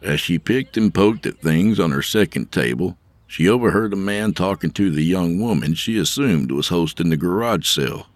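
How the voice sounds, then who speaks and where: A man's voice: sits low, lively intonation, moderate pace, no room sound. A man narrating a story in a wry, conversational way.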